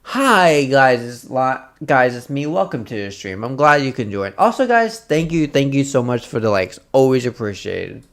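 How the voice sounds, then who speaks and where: A man's voice: medium pitch, animated, moderate pace, hardly any pauses, a bit bright. A man streaming casual reaction commentary, laughing often, swearing, and telling stories with animation.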